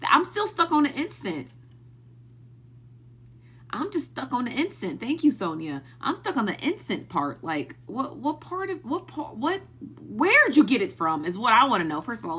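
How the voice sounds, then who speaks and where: A woman's voice: medium pitch, a bit bright, husky. A woman hosting a live stream, chatting casually and asking the same baffled questions again and again while thanking viewers as they join.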